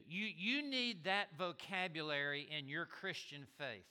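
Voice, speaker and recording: Preacher guy, high bright voice, slow and emphatic, big church echo. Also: expressive, clean tone. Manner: emphatic, repeats and stresses words, stammers on restarts. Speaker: pastor. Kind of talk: sermon. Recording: long reverb of a large hall.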